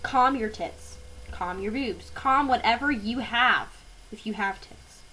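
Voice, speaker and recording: A woman's voice: fairly high pitch, takes it slowly, sharp tone, a little hiss or hum, rough recording. A teenage girl ranting into her webcam in a fired-up vlog, with lots of fillers and hesitations. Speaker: vlogger.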